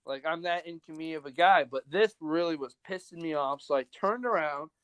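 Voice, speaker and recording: Brief: young male podcast host, slightly high voice, dry close sound, swears a lot, rambles through stories. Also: normal speed, fairly bright tone, smooth, dry recording. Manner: rambling, profane storytelling. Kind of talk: casual chat.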